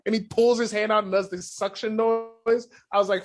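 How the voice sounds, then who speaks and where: Man, high voice, podcast guest, profane, animated storyteller, casual chat. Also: moderate pace, hardly any pauses.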